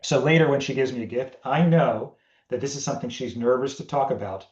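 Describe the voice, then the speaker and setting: Animated man in a roomy room. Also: medium pitch, a little fast, lo-fi sound. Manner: animated, acts out family conversations. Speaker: podcast host. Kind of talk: casual teaching talk.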